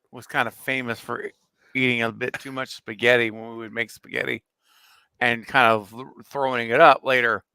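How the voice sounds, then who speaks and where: A man co-hosting a casual livestream chat, chiming in and reminiscing with animated energy. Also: medium pitch, smooth, no room sound. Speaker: co-host.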